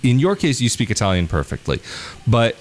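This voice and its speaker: A man's voice: mid-range voice, wildly swooping pitch, fairly quick. A man from the United States hosting a casual interview, chatty and laughing at his own stories. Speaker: podcast host.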